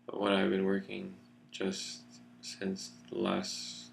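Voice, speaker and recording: A man giving a reflective personal video update in a relaxed, grounded chest voice, unhurried and thoughtful as he searches for words. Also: deep voice, creaky, a little hiss or hum. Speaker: vlogger. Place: seated in a chair indoors.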